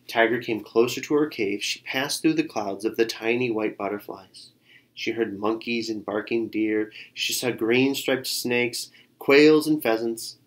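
A man narrating a picture-book folktale aloud in an expressive reading style. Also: medium pitch, a little slow. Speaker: storyteller. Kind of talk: read-aloud storybook narration.

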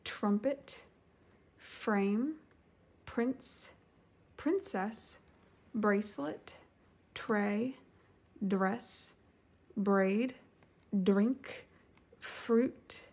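A woman gently reading a children's storybook aloud and then going through vocabulary words. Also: mid-range voice, very slow, long pauses. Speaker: storybook reader and teacher.

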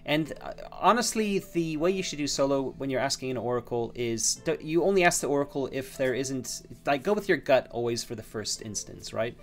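A man's voice: medium pitch, lively intonation, fairly quick, hardly any pauses, faint music behind. A man narrating his own solo tabletop role-playing game, thinking aloud with many fillers and restarts. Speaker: solo game master and player.

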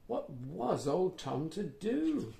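Gravelly, animated male storyteller. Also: fairly high pitch, slow pace, a little hiss or hum. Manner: animated, playful, with gasps and asides. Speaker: children's storyteller. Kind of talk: reading a picture book aloud for kids. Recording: echoey room.

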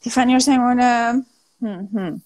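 A woman with an Italian accent, chatting casually on a phone live stream, halting and self-deprecating, laughing often. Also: fairly high pitch, a little mellow.

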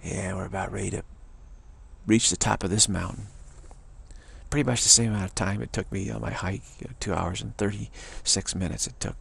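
Gravelly, husky-voiced man giving a rambling spiritual talk. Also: on the low side, fairly even intonation, fairly quick, fairly bright tone. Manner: rambling, folksy, chuckling asides. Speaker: spiritual teacher.

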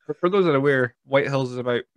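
A Scottish podcast host with a middle-pitched voice who rambles through loose, laughing asides. The sound is dry and close with no room around him. He swears in passing and keeps things casual. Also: quick pace, dry recording. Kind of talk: casual interview chat.

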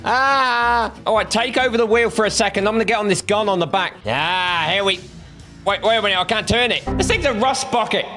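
A man voicing a comedic taxi driver in a game video, excitable and playful, with frequent yelps and exclamations. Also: high-pitched, fairly quick, music in the background. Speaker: narrator and lead voice. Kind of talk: comedic game roleplay voiceover.

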